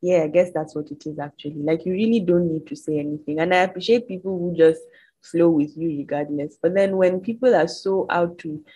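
A young woman from Nigeria with a Nigerian English accent, chatting to camera in an animated, exasperated way. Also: lowish voice, fairly quick, slightly rough, poor audio. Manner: animated, exasperated storytelling with mocking quoted voices. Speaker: vlogger. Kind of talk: casual chat to camera.

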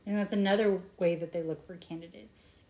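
A woman co-hosting a podcast, retelling a movie in casual, profane chat full of tangents and quick mock voices. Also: on the low side, fairly even intonation, dark tone, roomy sound. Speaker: podcast co-host.

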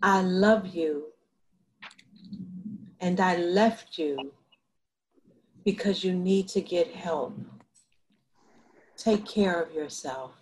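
A woman playing the gentle ghost of a departed lover, speaking calmly and tenderly in a stage play. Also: fairly low pitch, low-quality recording. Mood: tender, soothing. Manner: slow, calm, ghostly and tender.

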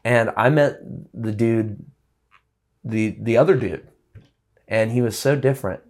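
A man's voice: mid-range voice, a little slow, darkish tone. A man talking as a guest musician in a casual interview, loose and rambling with many restarts and fillers.

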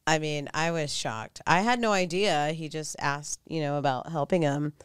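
A woman co-hosting a live news commentary show, talking in casual chat with animated, incredulous remarks. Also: low-pitched, normal speed, clear, resonant tone, no room sound, studio quality.

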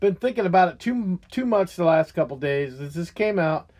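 Fiery, high-pitched ranting man. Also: lively intonation, moderate pace, darkish tone. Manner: heated, profane, ranting. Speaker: show host. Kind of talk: angry political rant.

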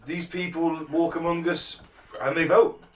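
A man's voice: fairly high pitch, level tone, a little slow. A man co-hosting a casual chat, rambling with restarts and sweary asides, recorded in an echoey room away from the mic. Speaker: podcast co-host. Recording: roomy, far from the mic.

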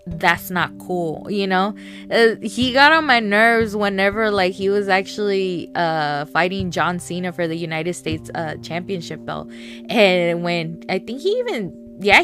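A woman's voice: mid-range voice, a bit bright. A woman talking casually and at length about wrestling, rambling with many fillers and asides. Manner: rambling, chatty, lots of fillers and laughs. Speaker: wrestling fan commentator. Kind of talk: casual solo commentary.

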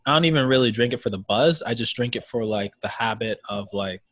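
A man's voice: mid-range voice, brisk, fairly bright tone, no echo. Laid-back man, dry sound. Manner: filler-heavy, laid-back, trails off. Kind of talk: casual chat.

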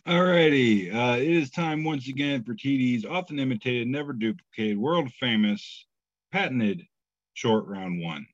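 A man's voice: medium pitch, lively intonation, no room sound. Jokey male podcast co-host. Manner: jokey, self-deprecating, drawn-out pauses. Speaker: podcast co-host reading memes. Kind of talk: casual podcast banter. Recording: dull lo-fi podcast mic.

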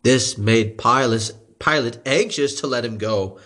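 A man reading scripture aloud in a slow, expressive way. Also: medium pitch. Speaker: scripture reader.

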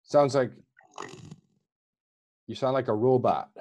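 A man hosts a casual online discussion. He talks in a halting way, stopping and restarting, and throws out questions as he goes. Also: mid-range voice, steady tone, dark tone, muffled recording.

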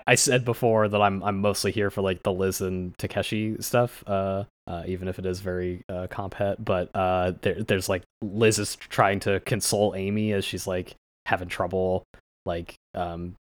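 Deep-voiced man in excited casual chat. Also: no echo. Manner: excitable, swears freely, lots of fillers. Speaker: anime podcast co-host.

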